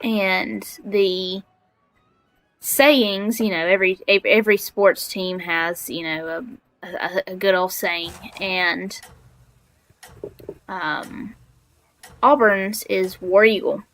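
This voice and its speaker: A woman's voice: medium pitch, fairly even intonation, slow pace, pauses often, fairly bright tone, faint music behind, poor audio. A woman from Alabama with a Southern accent, chatting casually and teasing herself while she streams a game from her floor at home. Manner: chatty, self-deprecating. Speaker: livestreamer. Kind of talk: casual chat while gaming.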